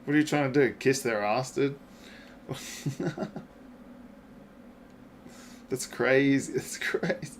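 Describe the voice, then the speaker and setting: Male game streamer, casual and profane, laughs a lot, slow easy delivery. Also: mid-range voice, fairly even intonation, a little hiss or hum. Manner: swears freely, laughs often, talks back to chat. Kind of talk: casual gaming livestream chat.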